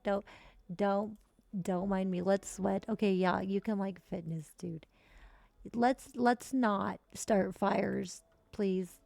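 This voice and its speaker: A woman streaming live gameplay, chatting casually and cursing freely while voicing her characters in quick high asides. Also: vocal fry, mellow, dry recording. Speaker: streamer playing a life-simulation game.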